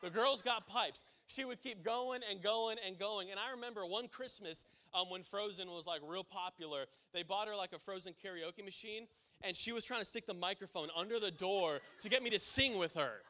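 A man's voice: sits high, fairly quick, bright, forceful tone. A male preacher giving a sermon, telling a casual story that builds to emphatic preaching.

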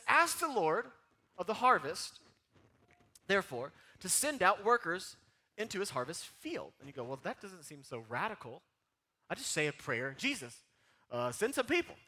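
Lively, bright-voiced preacher man. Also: high-pitched. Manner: animated, coaxing the congregation to repeat lines; emphatic, sometimes pleading. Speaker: pastor. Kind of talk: sermon.

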